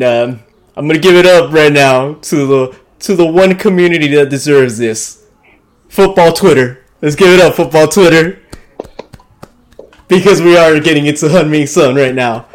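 A man with a slightly high voice rants about soccer on a podcast. He mocks players with profanity, and his laughter breaks into the jokes. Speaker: podcast co-host. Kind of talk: casual soccer banter.

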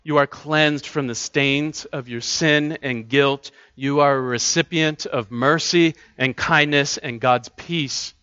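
A man's voice: fairly high pitch, steady tone, takes it slowly, few pauses, bright, forceful tone, clear, resonant tone, no room sound, muffled recording. A male pastor preaching a sermon in an earnest, conversational way, often restarting his phrases. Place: church.

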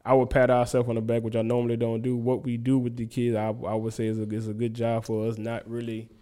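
A man chatting as a guest coach on a podcast, relaxed and easygoing, often stumbling over his first words. His voice sits at an ordinary middle pitch. The talk is unscripted and conversational. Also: fast, clean tone. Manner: relaxed, repeats words when starting sentences. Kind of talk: casual podcast chat.

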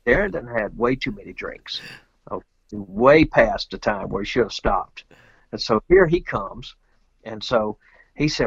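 Man, rambling storyteller, husky, muffled dry remote-call sound. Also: on the low side, expressive, moderate pace, no echo. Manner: rambling, folksy, loose grammar. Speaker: interview guest, pool player. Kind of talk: casual storytelling.

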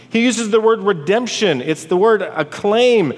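A male pastor preaches in an earnest, conversational way, his fairly high voice carrying a long reverb through a large church hall. He slips easily into personal stories between readings. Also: animated, moderate pace, hardly any pauses. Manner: earnest and conversational, storytelling asides. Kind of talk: sermon.

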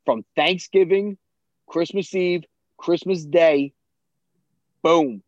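A man's voice: a little high, slow, no echo. Blunt, cursing man on a dull dry track. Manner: blunt, profane, ranting. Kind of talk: casual chat.

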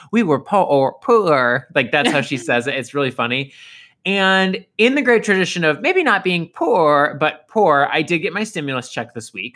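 A man's voice: a little high, pushed and bright. A man co-hosting a podcast, chatting playfully and saying "like" often. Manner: playful, says "like" a lot. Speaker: podcast co-host. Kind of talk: casual chat.

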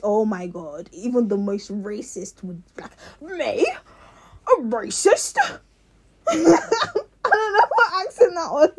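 A woman's voice: mid-range voice, a little mellow, breathy edge. A young woman ranting to her viewers in a passionate, rambling way, with many restarts. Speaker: vlogger. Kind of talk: casual rant to camera.

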